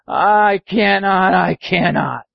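A man's voice: sits high, creaky, no room sound, exaggerated voice. Man doing a weary old rusty engine. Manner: very slow, weary, sighing. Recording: dull lo-fi recording.

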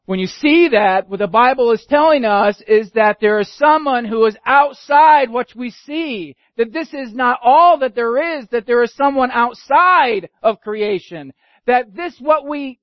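A man's voice: extremely high pitch, no room sound, muffled recording. A man preaching a teaching sermon, emphatic and repeating key phrases for his listeners. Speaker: pastor.

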